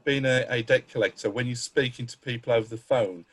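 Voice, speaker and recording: A man on a game-mastering panel speaking in a halting way with many restarts. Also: medium pitch, fairly bright tone, husky. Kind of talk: panel discussion chat.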